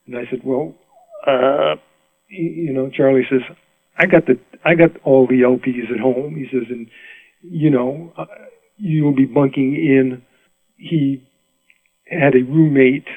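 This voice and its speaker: An older man tells stories in a relaxed interview, chatty, often laughing and restarting his sentences. His voice has a gravelly edge. It comes through a tinny, dry line that sounds like a phone. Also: mid-range voice, dry recording. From Rhode Island. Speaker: mandolin player, interview guest. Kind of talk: casual storytelling interview.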